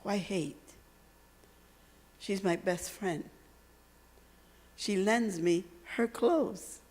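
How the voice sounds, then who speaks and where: A woman's voice: medium pitch, very slow, a little mellow, long reverb tail. A woman quoting a young female college friend who pleads in an earnest, heartfelt way. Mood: pleading.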